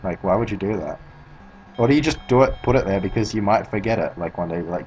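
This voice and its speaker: A man's voice: lowish voice, quick pace, darkish tone, slight background noise, poor audio. A man with an Australian accent, a speedrunner chatting casually and rambling with plenty of swearing while he plays. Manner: rambling, swears a lot, laughs at himself. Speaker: speedrunner streaming. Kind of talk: casual commentary while playing.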